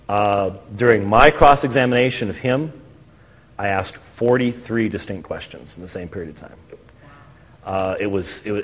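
Animated man telling stories in a hall. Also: fairly low pitch, breathy edge. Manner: animated storytelling, acts out quotes. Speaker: speaker presenting to an audience. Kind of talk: lecture with anecdotes. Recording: echoey hall.

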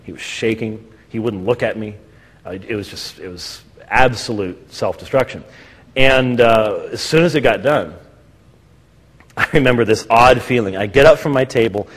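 Man, mid pitch, speaker telling anecdotes in a reverberant hall. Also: moderate pace, husky. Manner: animated storytelling, acts out quotes. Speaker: speaker presenting to an audience. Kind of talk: lecture with anecdotes. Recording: echoey hall.

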